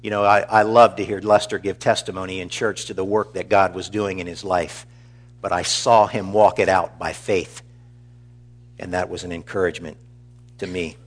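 Middle-aged male pastor, low voice, earnest eulogy delivery. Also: flat delivery. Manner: earnest, measured, warmly storytelling. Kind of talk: funeral eulogy.

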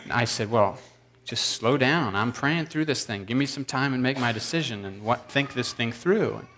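A man's voice: mid-range voice, expressive, moderate pace, a bit bright, slight background noise. A man in his thirties telling a rambling, self-deprecating story to a congregation. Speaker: preacher.

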